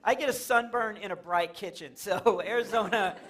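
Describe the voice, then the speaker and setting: A man's voice: high voice, normal speed, a bit bright. A man performing a stand-up comedy set in a church, telling stories animatedly, acting out characters and laughing at his own jokes. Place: church stage before a laughing audience.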